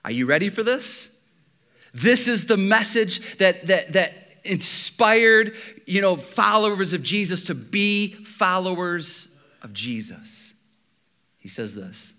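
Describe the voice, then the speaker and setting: Male pastor, high bright voice, lively sermon delivery that leans on rhetorical questions. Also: slow. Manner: animated preaching with rhetorical questions and repetition.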